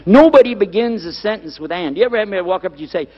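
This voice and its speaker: A man's voice: high voice, animated, quick pace. A man giving a religious lecture to a live audience, firing rhetorical questions at them and repeating key words for emphasis. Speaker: lecturer on Islam. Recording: dull lo-fi recording in a reverberant hall.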